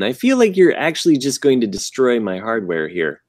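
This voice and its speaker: A man's voice: medium pitch, very animated, a little fast, a little mellow. A man co-hosting a podcast, riffing jokingly with playful comparisons in casual chat. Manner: jokey, riffs with playful comparisons. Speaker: podcast co-host.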